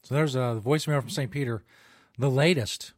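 A man's voice: mid-range voice, brisk, dry recording, studio quality. A man hosting a comedic podcast, talking in a crude, offhand, joking way. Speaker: podcast host. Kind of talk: casual comedic podcast talk.

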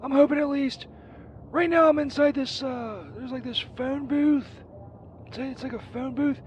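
A man's voice: extremely high pitch, fairly even intonation, moderate pace, slight background noise, low-quality recording. A man voicing a crude, burned-out Saint Peter who rambles profanely through a comedic voicemail. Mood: rambling. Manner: rambling, profane, distracted, lots of fillers.

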